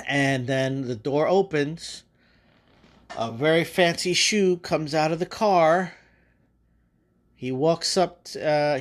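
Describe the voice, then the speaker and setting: A male podcast host talks through a film's ending in a loose, rambling way. He swears freely and acts out the characters' lines as he goes. His pitch sits right in the middle for a man. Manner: profane, rambling retelling with quoted lines. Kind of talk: casual spoiler review.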